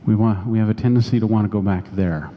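A man's voice: fairly low pitch, fast, lo-fi sound. A man preaching a sermon as pastor, telling a personal story in a conversational way. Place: church sanctuary. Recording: long church reverb.

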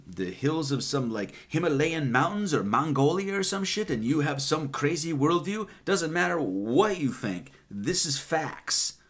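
A man giving a loose, rambling sermon, counting numbers aloud with many fillers and casual asides. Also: mid-range voice. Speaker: preacher.

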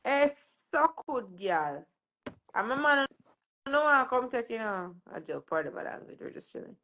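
A woman's voice: fairly high pitch, very animated, normal speed, sharp tone. A woman with a Jamaican accent hosting a casual live stream, joking and laughing in patois.

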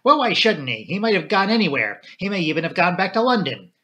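A man's voice: a little high, animated, a little fast, pushed and bright. A man voicing a young woman who is earnest, resolute and defiant, in an audiobook reading. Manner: pleading, insistent.

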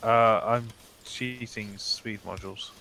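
A man with a somewhat low voice talking through a shared game, dry and deadpan, floating ideas half to himself. Faint background noise and occasional clicks come through the mic. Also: slow, creaky. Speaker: co-player. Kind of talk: casual multiplayer game chat.

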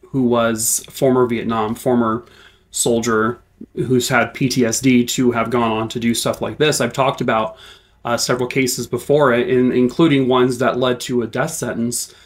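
A young man recounts a true crime case in a loose, conversational way, full of ums and likes. His voice sits at an ordinary middle pitch. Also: level tone, moderate pace. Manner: chatty, with filler words, turns high-pitched and playful in the sign-off. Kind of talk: casual YouTube true crime outro.

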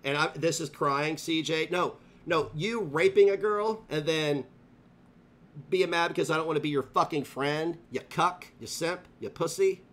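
A man's voice: on the high side, moderate pace, a bit bright. A male live streamer delivering a profane, confrontational rant full of taunts. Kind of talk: livestream rant.

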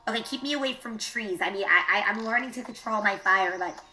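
Woman, VTuber, casual game commentary, excitable, bright tone. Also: mid-range voice, fairly quick, faint music behind, poor audio. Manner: excitable, squealing and gasping at animals. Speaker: VTuber streamer.

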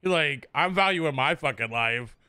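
A chatty man role-playing a friendly burger worker, his voice bright and forward with a crisp, clean edge. He sounds close and dry on his mic, with an upbeat, animated delivery. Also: fairly high pitch, measured pace, no echo. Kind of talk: casual game role-play chat.

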